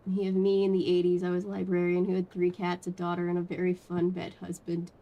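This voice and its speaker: Chatty woman with a lowish voice. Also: completely flat delivery, fast, lo-fi sound. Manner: chatty and rambling, answering chat with many fillers. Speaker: streamer. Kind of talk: casual livestream chat. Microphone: webcam setup.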